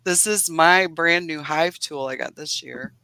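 Earnest, chatty woman beekeeper, bright voice. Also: deep voice, unhurried, dry recording, rough recording. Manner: earnest, chatty, laughs often. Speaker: beekeeper guest. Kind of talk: casual video-call interview.

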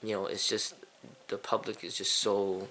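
A man's voice: on the low side, level tone, normal speed, pushed and bright, slight background noise. A man hosting his own channel, talking in a casual, indignant opinion monologue with lots of fillers and repeated phrases. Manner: repetitive, indignant, many fillers. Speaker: kung fu channel host.

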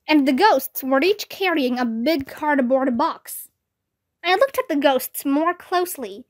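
Brief: high-pitched woman narrating a kids' book, unhurried. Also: lively intonation. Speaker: read-aloud narrator. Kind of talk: reading a children's book aloud.

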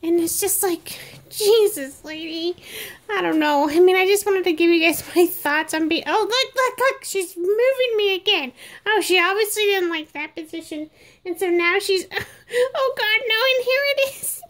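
Woman playing a baby doll, sassy, fed-up, very squeaky high voice, exasperated comedic rant. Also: normal speed, fairly bright tone. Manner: grumbling, exasperated rant addressed to viewers. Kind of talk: comedic monologue in character.

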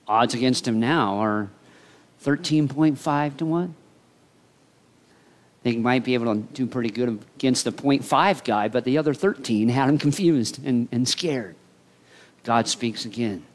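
Lively storytelling preacher man. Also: mid-range voice, measured pace, a little hiss or hum. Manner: animated storytelling, acting out voices. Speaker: pastor. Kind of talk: sermon.

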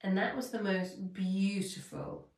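A woman's voice: mid-range voice, fairly even intonation, unhurried, darkish tone, roomy sound, far from the mic. A woman hosting a spiritual podcast, telling a story in a heartfelt, rambling way and correcting herself as she goes. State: near tears. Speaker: podcast host. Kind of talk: spiritual coaching talk.

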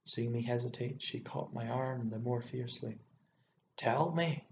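A man narrates a literary short story in a steady, measured way. His voice is gravelly and dark, with little rise and fall. The recording is dull and lo-fi, with an echoey room sound. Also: mid-range voice, a little hiss or hum. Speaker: audiobook narrator.

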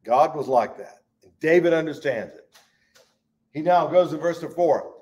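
A man's voice: fairly high pitch, lively intonation, a little slow. Fervent folksy preacher man. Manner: fervent, folksy, swings between loud and hushed. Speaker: Bible study teacher. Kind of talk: preaching Bible study.

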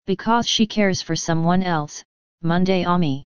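A woman's voice: on the low side, measured pace, smooth, no echo, highs cut off, natural voice. A woman reading a precise, placid old detective. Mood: calm, amused. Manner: calm, precise, gently teasing. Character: fussy elderly male Belgian detective. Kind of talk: audiobook reading.

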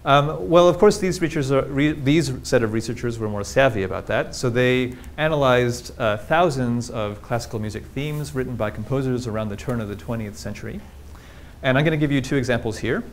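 A man's voice: mid-range voice, a little fast, a little hiss or hum. A man giving a public linguistics lecture with slides, explaining things plainly and throwing rhetorical questions at the audience.

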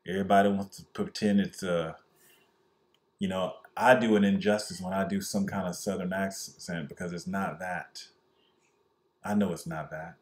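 A man's voice: low-pitched, steady tone, moderate pace, a little mellow. A man giving a Christian commentary in an earnest, emphatic preaching manner.

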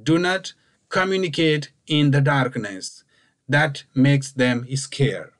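A man giving a recorded lecture, explaining points slowly and repeating key instructions. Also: medium pitch. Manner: slow, repetitive, instructive phrasing.

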